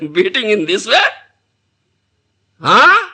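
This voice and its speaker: Animated man giving a devotional lecture. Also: sits high, extremely slow, slightly rough. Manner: animated, asks the audience rhetorical questions; laughs often while teaching. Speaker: spiritual teacher. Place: lecture room with audience.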